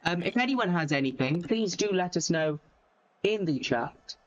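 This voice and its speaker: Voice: mid-range voice, lively intonation, normal speed, lo-fi sound, crowd noise. A host of a live football stream who talks in a chatty, rambling way and teases the co-hosts. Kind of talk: casual live-stream commentary. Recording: noisy home stream with clicks.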